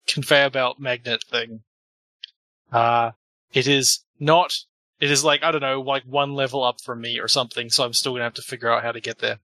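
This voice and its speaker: A tabletop player with a bright, clear-toned voice, recorded dry and close. The speech is hesitant, trailing off and restarting while thinking aloud. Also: medium pitch, dry recording. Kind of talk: casual tabletop play.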